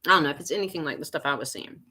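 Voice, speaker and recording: A woman, hosting a casual livestream, chatting and reading viewer comments with frequent laughs and animated teasing. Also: very fast, slightly rough. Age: 50s. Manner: chatty and animated, laughs often, big swings up in pitch when teasing viewers. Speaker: homesteading livestream host.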